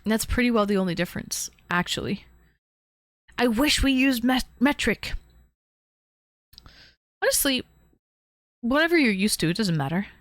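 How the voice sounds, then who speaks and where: A woman's voice: a little high, animated, moderate pace, pauses often, fairly bright tone, no room sound, clean studio sound. A young woman from the Toronto area, live-streaming and chatting casually, thanking viewers by name with plenty of fillers. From Canada, Toronto area.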